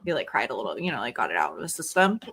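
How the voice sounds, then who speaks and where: A woman's voice: very deep voice, big pitch swings, rapid-fire, fairly bright tone, husky. A young adult woman hosting a podcast, telling a story in casual chat and acting out her kids' voices. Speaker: podcast host.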